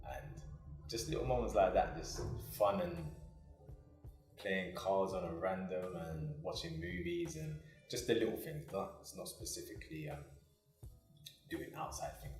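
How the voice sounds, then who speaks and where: A young man, chatting casually in slang about his relationship on a couples chat show. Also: sits low. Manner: laid-back, slangy, animated. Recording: echoey room with music underneath.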